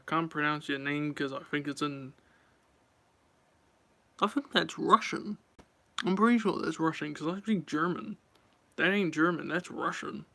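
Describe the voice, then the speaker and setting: A man's voice: on the high side, pushed and bright. A man chatting casually on a live stream, rambling and talking straight to his viewers.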